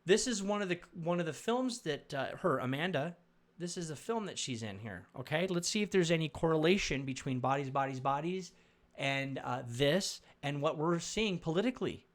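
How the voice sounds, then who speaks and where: A man's voice: a little high, lively intonation, normal speed. A man commenting on video clips, preachy and stumbling, repeating words as he lectures viewers.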